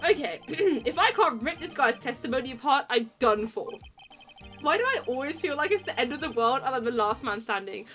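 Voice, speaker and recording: A woman's voice: high voice, expressive, fairly quick, fairly bright tone, soft background music. A woman voicing an earnest young male defense lawyer in a video game, speaking emphatically.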